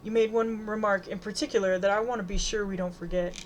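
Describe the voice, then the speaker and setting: A woman's voice: medium pitch, fairly even intonation, quick pace, a little hiss or hum, lightly acted. Woman voicing a firm, caring mother. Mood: wry. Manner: firm, then tender. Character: protective middle-aged mother, caring but firm.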